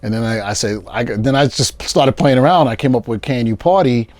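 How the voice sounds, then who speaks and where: A man, a producer guest telling animated stories and acting out his friends' lines in a casual interview. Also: mid-range voice, brisk.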